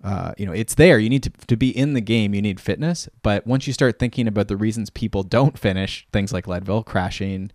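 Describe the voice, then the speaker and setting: A man's voice: lowish voice, brisk, hardly any pauses, a little mellow, dry recording, studio quality. A man co-hosting a podcast as a cycling coach, talking casually and thinking aloud with frequent restarts.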